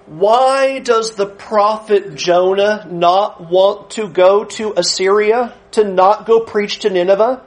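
A man's voice: high voice, slow pace, hardly any pauses, rough recording. A man preaching a Bible lesson in an earnest, emphatic way, acting out the voices he quotes. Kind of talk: sermon lesson.

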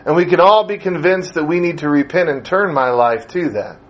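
Speaking at a moderate pace with a fairly high pitch, this middle-aged preacher keeps his sermon animated and conversational. He performs the voices of the people he quotes.

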